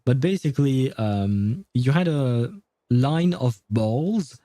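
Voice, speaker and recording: Rambling streamer, dark dry voice. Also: male voice, mid-range voice, animated, slow pace, no echo. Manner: rambling, self-correcting, chuckling. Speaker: game streamer. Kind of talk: casual chat while playing.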